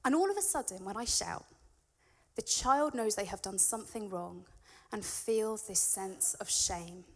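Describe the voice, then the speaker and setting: With an expressive mid-range voice and an unhurried delivery, a female preacher reads scripture to her church. She then unpacks it in a sincere, conversational way that rises to emphatic high points.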